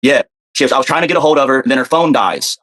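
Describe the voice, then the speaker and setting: A man talks at a very fast clip, rambling through his story. It comes out casual and profane, packed with fillers. His pitch sits in an ordinary middle range. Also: lively intonation, fairly bright tone. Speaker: guest telling his story.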